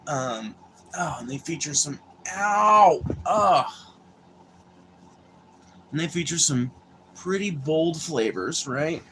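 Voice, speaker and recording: A man's voice: on the high side, lively intonation, unhurried, a little hiss or hum. Rambling, profane young man. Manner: profane, meandering, restarts and filler words. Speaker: livestream host chatting with viewers. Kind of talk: casual rambling chat.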